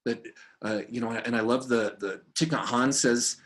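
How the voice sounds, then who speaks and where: Filmed by a camera in front of him inside a friend's home, a middle-aged recovery meditation teacher gives a casual dharma talk while tired from poor sleep. He wanders and restarts often but speaks from the heart, in a steady, medium-pitched, slightly bright voice at normal speed.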